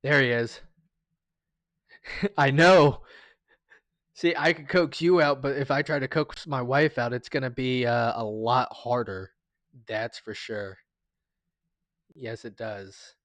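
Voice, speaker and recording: Male streamer, casual chat, rambling and jokey, mid-pitched voice, close dry sound. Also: slow, long pauses, fairly bright tone, no echo. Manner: rambling, chatty, stumbles and restarts often; sentimental, jokey, thanks viewers often. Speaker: livestreamer.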